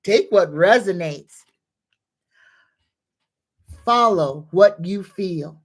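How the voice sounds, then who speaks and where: A woman's voice: medium pitch, lively intonation. A woman hosting a psychic livestream, greeting viewers, reading comments and leading affirmations. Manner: greets viewers warmly, leads slow repeated affirmations.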